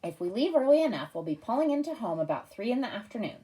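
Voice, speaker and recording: A woman voicing a mother who reads out a trip plan in a brisk, orderly way for an audiobook. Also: fairly high pitch, big pitch swings, dark tone. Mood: planning. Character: organized mother reading out her plans.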